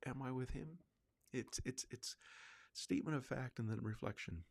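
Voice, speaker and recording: Gravelly rambling male podcast host. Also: medium pitch, moderate pace, dry recording. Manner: rambling, chatty, many fillers and restarts. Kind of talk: casual solo livecast chat.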